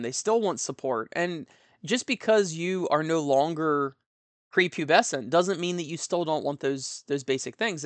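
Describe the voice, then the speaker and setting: A young man talks in a loose, rambling monologue, frank and a little animated as he drifts into asides. His voice sits a bit high for a man, and the sound is dry and close with no room around it. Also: dry recording. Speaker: tabletop gaming commentator. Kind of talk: casual monologue.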